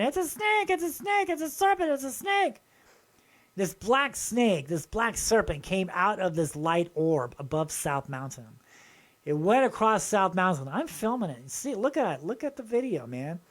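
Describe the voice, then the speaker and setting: A man hosting his own channel, talking excitedly and rambling as he shows viewers pictures, often asking them to look and agree. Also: on the high side. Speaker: channel host. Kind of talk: casual show-and-tell video.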